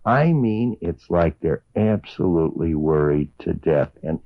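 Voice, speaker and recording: A radio host man talks things over in a low voice that still swings widely in pitch. He sounds reflective and conversational, and the recording is a little dull. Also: animated, measured pace. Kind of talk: casual radio chat.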